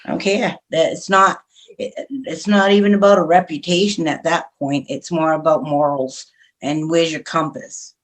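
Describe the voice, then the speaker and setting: A woman's voice: deep voice, steady tone, normal speed. A middle-aged woman chats as a guest on an interview show, speaking her mind frankly and at length. She is a radio host herself and laughs easily as she talks. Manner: frank, talkative, laughs often. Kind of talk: casual interview chat.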